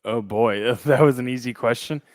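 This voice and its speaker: A man's voice: mid-range voice, normal speed, no room sound, clean studio sound. A man co-hosting a grain market show, explaining casually and tagging points with "right?". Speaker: grain broker co-host. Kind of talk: market commentary.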